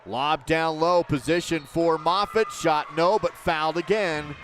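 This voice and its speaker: Fast play-by-play man, fairly high voice. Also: a bit bright, faint music behind. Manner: rapid, clipped calls that rise on misses. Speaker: play-by-play announcer. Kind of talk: live basketball play-by-play.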